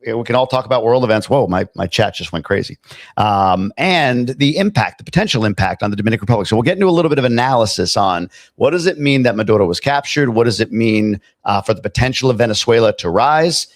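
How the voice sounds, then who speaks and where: A middle-aged man hosts a casual live stream in an easy, talkative way. He reads viewer comments aloud and drifts into playful asides. His voice sits at an ordinary pitch and sounds dry and close. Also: expressive, quick pace, no room sound. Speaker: livestream host.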